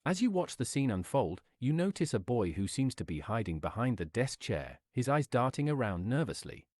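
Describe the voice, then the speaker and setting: A man reading an interactive adventure story aloud in a lively, sing-song storytelling manner. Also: mid-range voice, moderate pace, no echo, studio quality.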